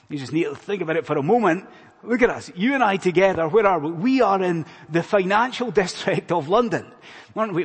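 Scottish male preacher, earnest sermon delivery, slightly husky and higher voice, long hall echo. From Scotland. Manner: earnest, questioning the congregation, swings between loud emphasis and hushed lines. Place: church in a large hall.

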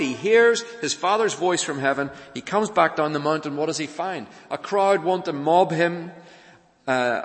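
A man preaching a sermon in a church, earnest, pressing hard on key points and then falling soft and low. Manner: earnest, rising to urgent emphasis then dropping soft. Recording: long reverb of a church hall.

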